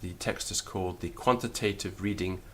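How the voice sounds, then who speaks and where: A man teaching Latin in a lecture, deliberate and careful, sounding out syllables one by one. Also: low-pitched, steady tone, a little hiss or hum. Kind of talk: spoken lecture.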